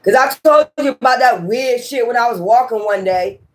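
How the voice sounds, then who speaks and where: A high-voiced woman talks to her viewers as a tarot reader in a loose, heated monologue. She presses her points hard, swears freely and circles back to the same phrases again and again. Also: moderate pace. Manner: emphatic, profane and repetitive. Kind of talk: casual ranting monologue.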